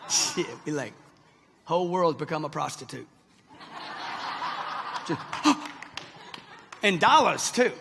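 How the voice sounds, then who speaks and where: In a reverberant event hall with a noisy background, a man in his sixties delivers a punchy motivational seminar to a live audience, pressing them with "okay?" and "right?". His voice is on the high side, gravelly and very animated, moving at a measured pace with long pauses.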